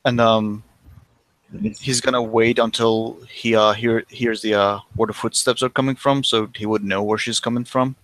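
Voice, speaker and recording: A man playing a tabletop role-playing game, speaking hesitantly and haltingly. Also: on the low side, little pitch movement, fairly bright tone, dry recording, poor audio. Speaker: player.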